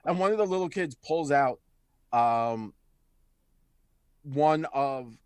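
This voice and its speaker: A man's voice: mid-range voice, expressive, slow pace, clean tone, no room sound. A man narrating a tabletop game as game master in a chatty way with many fillers. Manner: chatty, laughing, full of fillers.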